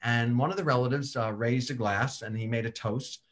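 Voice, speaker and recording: A man's voice: medium pitch, fairly even intonation, moderate pace. A man doing chatty comedic storytelling, full of fillers.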